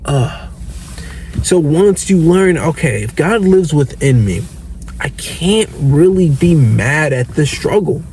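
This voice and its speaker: Young male coach, slow earnest sermon-like pep talk, casual swearing, faint noise behind. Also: on the high side, expressive, a little mellow. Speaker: self-improvement coach. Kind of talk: motivational monologue.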